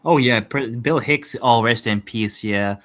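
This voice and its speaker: An American man in a casual discussion, speaking haltingly with frequent restarts. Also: medium pitch, a bit bright. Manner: hesitant, many restarts and fillers.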